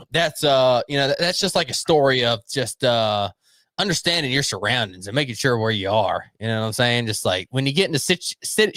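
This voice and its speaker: A man's voice: mid-range voice, a bit bright, no echo. A young man co-hosting a podcast, telling a long rambling story in casual chat, swearing freely and acting out voices. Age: young adult. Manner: rambling, swears a lot, acts out voices in anecdotes. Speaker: podcast co-host.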